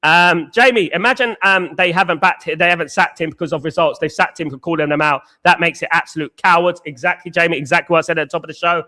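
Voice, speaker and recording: A man's voice: a little high, fairly even intonation, fast, hardly any pauses, sharp tone. A man hosting a live football fan reaction stream, reading viewer comments aloud and ranting passionately, swearing and repeating his points to the chat. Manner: addresses chat viewers directly as guys and mate. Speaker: football fan channel host.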